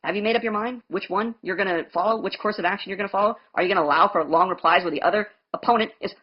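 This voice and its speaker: A woman's voice: mid-range voice, rapid-fire, dull audio. A woman hosting a heated online debate, aggressive and mocking, hurling insults and talking over her opponent. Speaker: debate host.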